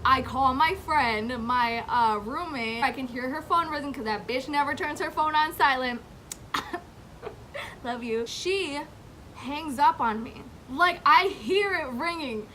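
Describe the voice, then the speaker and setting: A woman vlogger tells a rambling storytime tale with lots of swearing and frequent laughter. Her voice sits high and sounds bright and sharp. There is a faint hum of noise under the recording. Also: slow pace. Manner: animated, profane, laughing often, heavy use of "like". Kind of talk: casual storytime.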